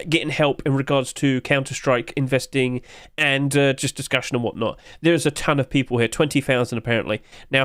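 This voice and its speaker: A man live-streaming in a casual, chatty way, joking and reading questions from chat. His voice sits a little higher than most men's. The sound is close and dry, with no room echo. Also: clear, resonant tone. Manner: chatty, jokey, answers chat and laughs often.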